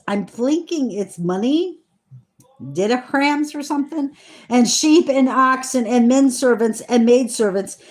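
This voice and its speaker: A woman slowly reading scripture aloud, earnest, stumbling over hard names and adding eager comments of her own. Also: a little high. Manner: excited asides about the text. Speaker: Bible reader.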